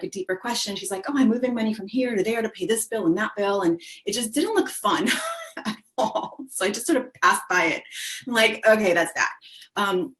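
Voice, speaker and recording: A chatty woman in her thirties tells a personal story in a relaxed panel conversation. She laughs often and acts out what people said along the way. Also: medium pitch. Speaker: business co-founder.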